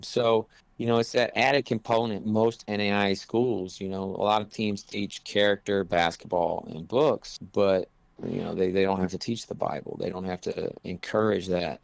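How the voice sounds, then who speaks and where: A man's voice: sits low, vocal fry, dry recording. A man who coaches college basketball, talking casually in an interview and rambling with lots of "you know" fillers.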